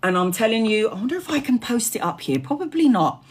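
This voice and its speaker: A woman's voice: fairly high pitch, fast talker, slightly rough. Chatty swearing woman on a live stream. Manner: chatty and animated, laughs often, swears freely. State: tired after hours live. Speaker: tarot reader streaming live. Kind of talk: casual live-stream chat.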